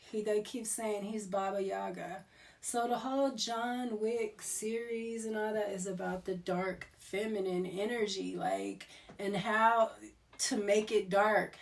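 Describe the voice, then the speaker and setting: A woman's voice: medium pitch, a little hiss or hum. A woman giving a casual tarot reading, talking in a rambling, digressive way. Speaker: tarot reader. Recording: voice distant from the mic.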